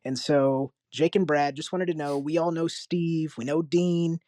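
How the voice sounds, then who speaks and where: A man's voice: a little high, fairly even intonation, measured pace, warm tone, dry recording, studio quality. A young man, a listener, asking a question in a friendly, slightly formal voice memo. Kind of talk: recorded voice memo.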